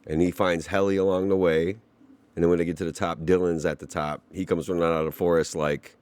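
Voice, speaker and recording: A man's voice: sits low, level tone, brisk, darkish tone, smooth, no echo. A young man hosting a podcast, chatting loosely about a show he just watched, with plenty of swearing, fillers and laughs. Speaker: podcast host. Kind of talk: casual reaction chat.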